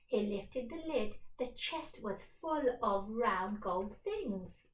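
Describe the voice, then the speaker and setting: A woman teacher reading a storybook aloud for young children, slowly, clearly and expressively. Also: mid-range voice, expressive. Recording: echoey room, distant from the mic.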